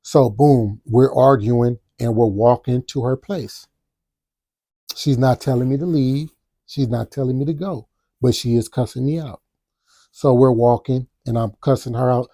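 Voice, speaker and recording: Male podcast host, dark and mellow, animated storyteller who does his own sound effects. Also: medium pitch, measured pace, no room sound, studio quality. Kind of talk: casual storytelling.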